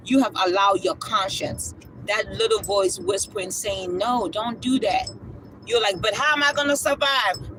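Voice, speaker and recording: A livestream spiritual speaker preaches with fervor, hammering each point through repetition and a tag question. The voice sits at a middling pitch and now and then breaks into a shout. Clear background noise and passing vehicle sounds run under the speech. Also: poor audio.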